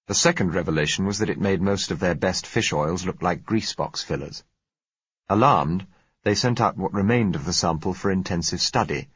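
A man reading a novel aloud in an even, measured storytelling manner. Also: sits low, husky, no room sound, highs cut off. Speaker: audiobook narrator. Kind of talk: scripted narration.

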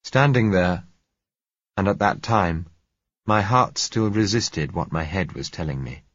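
Deep husky male audiobook narrator. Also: lively intonation, fairly bright tone, no echo. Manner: measured, somber. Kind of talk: first-person audiobook narration. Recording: dry, slightly dull audio.

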